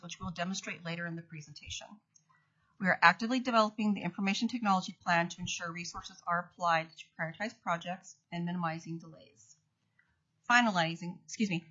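Reading prepared testimony at a legislative hearing, an acting state commissioner fixes small slips as they come up. Her lowish voice is bright and forceful with a breathy edge, heard through dull lo-fi audio.

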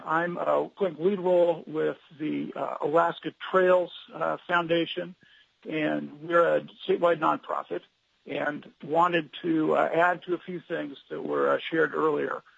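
A man gives public testimony from afar, his voice gravelly and a little husky. He advocates earnestly and at a steady, measured pace. His voice comes through a dry, dull lo-fi connection. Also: a little high, dry recording. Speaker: public commenter for a statewide trails nonprofit. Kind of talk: remote testimony at a legislative hearing. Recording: dull lo-fi remote audio line.

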